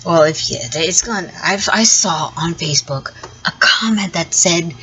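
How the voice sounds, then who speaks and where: A woman vlogger from the southern United States delivers a blunt, profane opinion rant to camera and laughs often between points. She speaks at a measured pace in a lowish, sharp-toned voice, and the recording is muffled.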